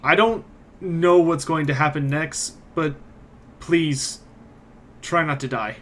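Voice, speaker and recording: A man voicing a gentle young nun. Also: on the high side, slow, slight background noise.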